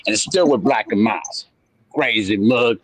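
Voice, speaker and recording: A man's voice: lowish voice, moderate pace, husky, no echo. A man hosting a sports stream, teasing a guest in a playful, exasperated way. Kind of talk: casual sports chat.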